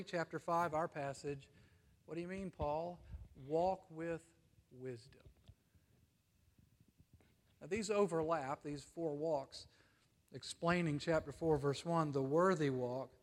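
An American man preaches from the pulpit in an earnest, emphatic way, his slightly high voice swelling on key phrases and then sinking to a near hush. The long reverb of a church sanctuary trails behind every word. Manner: earnest, swings between emphatic and hushed, frequent "you see?". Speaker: pastor. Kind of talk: sermon.

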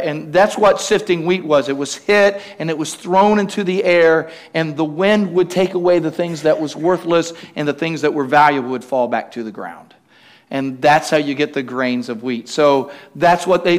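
A man preaching a sermon in a conversational way, often putting questions to the congregation. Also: high-pitched. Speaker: pastor.

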